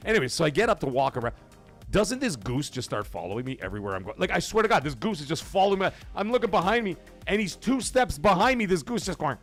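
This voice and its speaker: Man from canada, middle-aged stream host, lively swooping pitch, rambling and loud when excited, faint music behind. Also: quick pace. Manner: rambling storyteller, swears freely, gets loud when excited. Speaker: livestream host. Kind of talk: casual live-stream chat.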